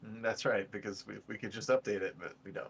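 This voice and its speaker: A man's voice: on the low side, fairly even intonation, creaky, a loud crowd. A man running a tabletop game, playful and teasing as he chats with his players. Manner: playful, teasing, drawn-out words. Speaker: game master. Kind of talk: casual chat among tabletop players.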